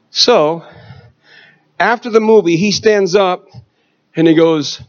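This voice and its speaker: A middle-aged man preaching a testimony sermon, swinging from shouted exhortation to hushed storytelling. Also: high voice, takes it slowly, long pauses, muffled recording.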